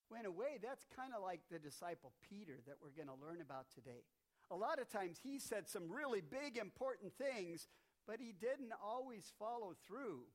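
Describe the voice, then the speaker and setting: A man's voice: high voice, big pitch swings, moderate pace. A man pastor telling a friendly story to children during a church service.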